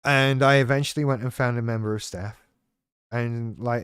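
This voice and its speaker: Man, rambling self-deprecating monologue, frequent swearing, mid-pitched voice, dry close sound. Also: steady tone, normal speed, a bit bright, clear, resonant tone, no echo. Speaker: channel host talking about living with BPD. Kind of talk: casual personal monologue.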